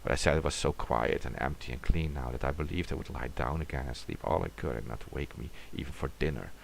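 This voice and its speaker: Very deep gravelly man reading horror. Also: fast, slight background noise. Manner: dramatic reading, sometimes dropping to a whisper. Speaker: storyteller. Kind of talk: reading a horror story aloud.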